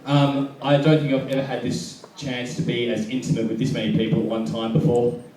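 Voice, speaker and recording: A young Australian man doing a self-deprecating stand-up comedy set with deadpan jokes. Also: medium pitch, fairly quick. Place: comedy venue with live audience. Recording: echoey room mic'd from a distance, crowd laughter.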